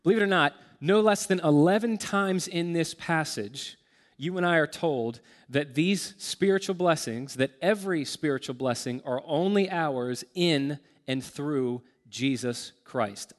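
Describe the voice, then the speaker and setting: A man preaching a sermon as pastor, earnest and emphatic, slowing to stress key words. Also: on the high side, in a large hall.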